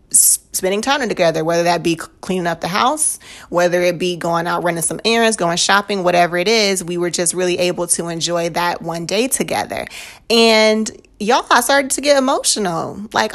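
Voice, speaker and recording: A woman's voice: medium pitch, fairly bright tone. A young woman hosting her own solo podcast, talking casually with lots of slang and frequent laughter. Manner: chatty, slangy, laughs often. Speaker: podcast host.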